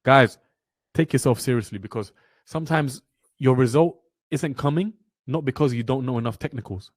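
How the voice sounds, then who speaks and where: A young man gives a motivational trading lecture in a blunt, preachy way, driving his points home with passion and repetition. His voice sits at an ordinary middle pitch. The sound is dry and close, with no room echo. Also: normal speed. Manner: blunt, preachy, passionate, repeats lines for emphasis. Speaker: trading mentor.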